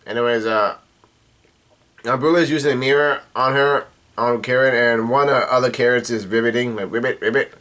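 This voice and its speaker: A man talks through a manga chapter in a loose, rambling way, stopping often on "uh" and restarting his sentences. His voice sits at an ordinary middle pitch for a man. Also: fairly even intonation, normal speed, pushed and bright. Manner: rambling, full of "uh" fillers and restarts. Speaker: manga reaction host. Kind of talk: casual manga recap.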